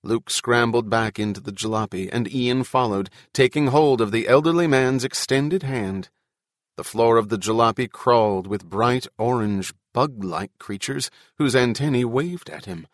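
A man reading an audiobook in a measured storytelling voice. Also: mid-range voice, dry recording, studio quality. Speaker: narrator. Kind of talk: audiobook narration.

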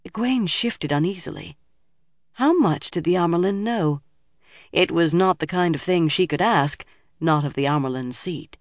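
An audiobook narrator reading fantasy fiction in an even, measured storytelling manner on a close studio mic. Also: medium pitch, dry recording.

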